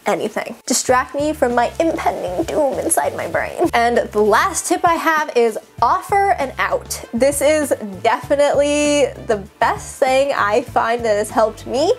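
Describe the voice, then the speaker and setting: Chatty young female vlogger, bright higher voice, soft music bed. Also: expressive, a little slow, hardly any pauses. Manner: chatty, self-mocking, lots of "like". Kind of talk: casual talk to camera.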